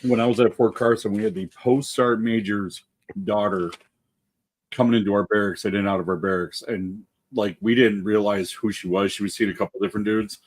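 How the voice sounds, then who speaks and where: A man with a fairly low voice co-hosts a casual veterans' chat. He tells profane army stories and acts out the voices of the people in them. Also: fairly even intonation, fairly quick. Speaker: co-host.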